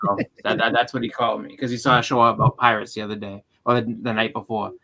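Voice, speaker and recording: A man's voice: lowish voice, little pitch movement, fast, pushed and bright, slight background noise. A man in a casual group chat, telling rambling stories and acting out quotes. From Boston area. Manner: rambling storyteller, acts out quotes. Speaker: channel host, comic collector.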